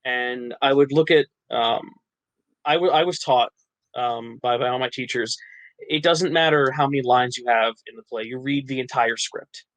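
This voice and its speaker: A man's voice: mid-range voice, moderate pace, a bit bright, dry recording, poor audio. A man from New Jersey, an actor and writer, chatting as a podcast guest, laughing often and restarting his sentences. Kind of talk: casual interview chat.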